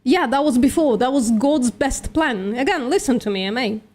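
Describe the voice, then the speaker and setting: A woman's voice: high-pitched, lively intonation, normal speed, a little mellow. A woman hosting a live stream, debating bluntly and swearing, calling people sweetie. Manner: blunt, argumentative, swears, calls others sweetie. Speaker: streamer, vegan activist.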